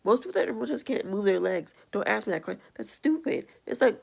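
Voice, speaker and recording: A woman's voice: mid-range voice, expressive, quick pace, creaky, hardly any pauses. A young adult woman vlogger ranting bluntly and with exasperation in a casual video. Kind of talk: casual vlog rant.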